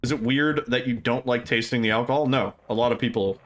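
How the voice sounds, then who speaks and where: A man's voice: medium pitch, fairly even intonation, fast talker. A young man livestreaming, chatting casually with viewers, rambling with fillers, laughing often and swearing freely.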